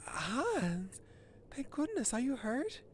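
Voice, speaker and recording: A man voicing an earnest young female detective in a high, anxious voice. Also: wildly swooping pitch, takes it slowly, slight background noise, heavily acted. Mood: alarmed. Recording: game music behind.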